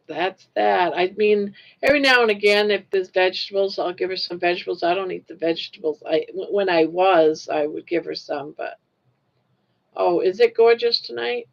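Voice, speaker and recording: Grandma chatting on her crochet live, kinda gravelly, muffled low-fi audio. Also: normal speed. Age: older. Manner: rambling, chatty, greets viewers, laughs easily. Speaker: livestream host. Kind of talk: casual chat while crocheting on a livestream. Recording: lo-fi livestream audio.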